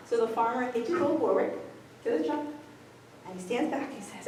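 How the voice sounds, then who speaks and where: An upbeat, chatty woman presents on gifted education in a high voice. She sounds distant in a very echoey room with background noise. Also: lively intonation, a little fast. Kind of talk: presentation to teachers.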